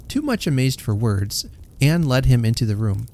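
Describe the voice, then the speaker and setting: Gravelly, lilting male storyteller. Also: mid-range voice, moderate pace, a little hiss or hum. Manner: expressive, lilting narration. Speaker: podcast host. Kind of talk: storybook reading.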